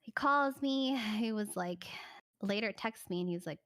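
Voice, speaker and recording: A young woman streamer with a medium-pitched voice, speaking at normal speed, casually tells her chat a story. She's animated and laughing, acting out the voices of the people involved.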